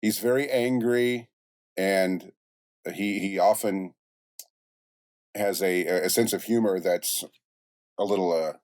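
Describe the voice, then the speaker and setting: A very deep male voice in a relaxed, rambling interview, full of restarts and side remarks. He sounds middle-aged and is recorded dry and close, with no room sound around him. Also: slow, long pauses, no room sound. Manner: relaxed storyteller, many restarts and asides. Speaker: voice actor and music producer guest. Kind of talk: casual interview chat.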